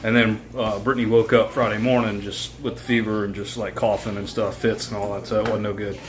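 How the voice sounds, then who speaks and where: A man in his thirties, a family vlogger, telling a long story in a rambling, animated way with lots of fillers. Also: fairly low pitch, brisk. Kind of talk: casual storytelling vlog.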